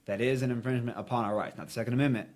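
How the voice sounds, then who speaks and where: A man's voice: medium pitch, steady tone, rapid-fire, a little mellow. A man from the United States on a podcast, giving blunt, rambling opinions with a lot of swearing. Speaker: podcast co-host. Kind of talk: casual podcast discussion.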